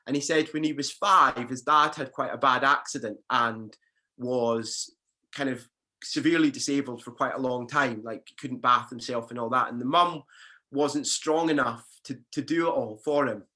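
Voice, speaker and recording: A man delivering a sermon as a pastor in an easy, conversational manner. He often restarts his phrases and fills pauses. His voice is bright and forward. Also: mid-range voice.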